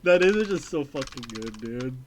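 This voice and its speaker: Lively, animated male game streamer. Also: medium pitch, moderate pace, noisy background. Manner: excitable, swears often, bursts of shouting and laughter. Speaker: streamer playing a retro platform game. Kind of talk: casual live-stream chat with viewers.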